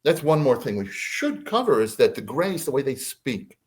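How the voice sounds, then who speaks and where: A man appearing as a podcast guest tells a story in a casual, animated way, acting out the voices of its characters. His voice sits in the mid-range and he talks at a moderate pace.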